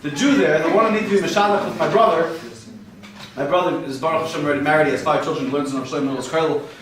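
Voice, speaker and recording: A man's voice: fairly high pitch, very fast, recorded from a distance, a crowd in the background. A man performing a rambling stand-up set for a live audience, joking and sprinkling in Yiddish and Hebrew terms. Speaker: stand-up comedian. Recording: echoey room recorded from afar.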